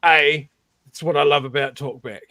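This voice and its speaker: Loose-talking New co-host. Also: male voice, fairly high pitch, steady tone, normal speed, bright, forceful tone, dry recording. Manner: reflective, loose, uses fillers. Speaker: podcast co-host.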